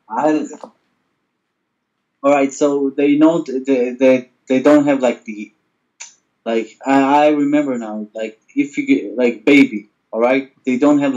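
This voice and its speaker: A man chatting slowly and haltingly on a live stream, his mellow voice often trailing off mid-thought. The sound is dull and lo-fi. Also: mid-range voice. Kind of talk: casual chat.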